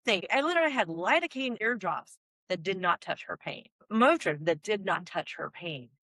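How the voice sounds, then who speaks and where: A woman in her forties, a doctor hosting the session, telling stories in a lively, exclamatory way and acting out quoted dialogue. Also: medium pitch, normal speed, no room sound, rough recording. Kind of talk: casual conversational storytelling.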